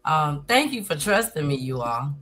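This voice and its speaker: A woman's voice: sits low, big pitch swings, moderate pace, fairly bright tone. A woman hosting an online talk show, greeting and bringing up guests, calling them "girl.". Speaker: host.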